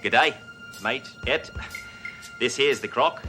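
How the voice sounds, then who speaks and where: An actor playing a brash cop who puts on a hammy fake Australian accent and boasts like a rich tycoon. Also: male voice, medium pitch, slow pace, bright, forceful tone, faint music behind. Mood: flirty. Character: brash loud male cop posing as an Aussie tycoon.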